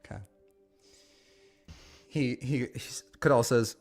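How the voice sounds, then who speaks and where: A man running a tabletop game as dungeon master, narrating with frequent laughs and halting restarts. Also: medium pitch, soft background music.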